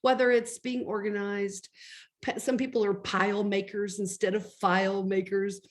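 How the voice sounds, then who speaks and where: A woman's voice: medium pitch, flat delivery, normal speed. A middle-aged woman, a life coach giving a motivational lesson through chatty personal stories told straight to her audience. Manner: chatty storytelling, addresses audience directly. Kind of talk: motivational talk.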